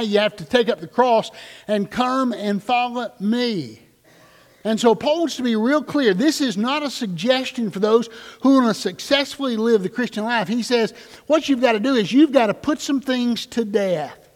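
A middle-aged male pastor preaching a sermon to his congregation. He slows right down on key phrases and asks the room questions. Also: extremely high pitch, long reverb tail. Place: church sanctuary with congregation.

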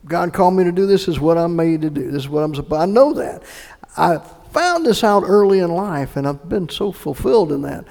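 A man's voice: a little high, lively intonation, brisk, gravelly. Man, middle-aged, pastor, sermon testimony, earnest, echoey church hall. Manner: earnest, swings between hushed recollection and emphatic calls. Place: church sanctuary.

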